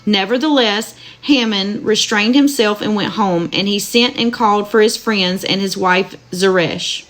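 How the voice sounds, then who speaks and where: A woman's voice: mid-range voice, fairly bright tone. Woman reading scripture aloud at home. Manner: slow, tender reading, chats with viewers. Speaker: Bible reader. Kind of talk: live-streamed Bible reading with chat asides. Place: home with dogs running about. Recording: noisy home recording.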